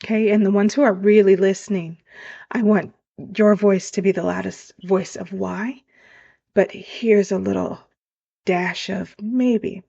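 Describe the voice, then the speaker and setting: Woman, life coach podcast host, earnest coaching tone, warm low timbre, slightly muffled sound. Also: fairly even intonation, unhurried, gravelly. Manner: earnest, coaching, speaks directly to listeners. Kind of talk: motivational podcast monologue. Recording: dull lo-fi sound.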